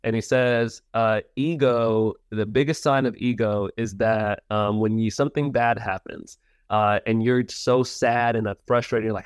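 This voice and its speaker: A man's voice: lowish voice, fairly even intonation, moderate pace, smooth, no echo, clean studio sound. A man in his thirties from the United States, a podcast guest speaking earnestly and reflectively about setbacks, often restarting his words. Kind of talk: reflective interview talk.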